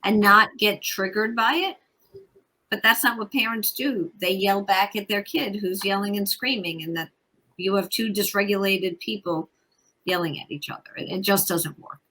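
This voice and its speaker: A woman's voice: mid-range voice, normal speed, sharp tone, low-quality recording. A woman in her forties, a parenting coach speaking as a guest in a casual interview, emphatic and repeating her key points.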